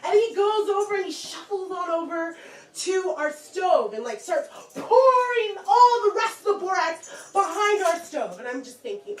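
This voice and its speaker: A woman's voice: very high-pitched, sing-song, normal speed. A young woman telling a story on stage, chatty and laughing as she goes. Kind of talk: live storytelling. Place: small bar performance room. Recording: echoey room, distant mic.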